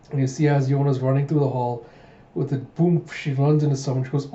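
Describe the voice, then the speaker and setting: Man narrating a manga readthrough, mellow dark tone, echoey room on a dull mic. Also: mid-range voice, steady tone, fairly quick. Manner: retells scenes, acting out lines. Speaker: reader, channel host.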